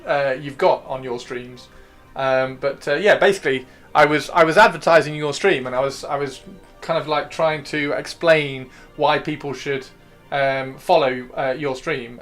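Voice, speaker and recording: A man hosting a casual livestream, chatting and joking in a rambling, playful way and repeating himself as he talks. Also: a little high. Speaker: livestream host.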